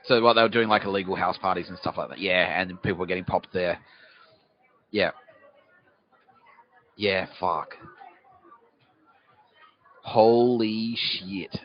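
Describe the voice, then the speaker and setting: A man's voice: low voice, fairly even intonation, normal speed, long pauses. An Australian man hosting a podcast, rambling through a comic monologue outdoors on a city street, swearing freely and answering his own questions. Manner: swearing, asks himself questions and answers them. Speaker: podcast host. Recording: dull lo-fi recording.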